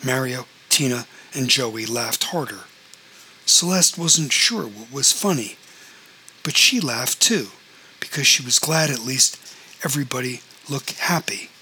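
A man reading a story aloud at a steady, measured pace. His voice is bright and forward, with a faint hiss of background noise beneath it. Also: medium pitch, poor audio. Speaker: narrator.

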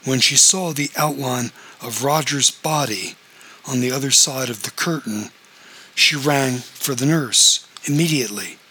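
Man, audiobook narrator, steady reading, bright tone, breathy edge. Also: mid-range voice, poor audio.

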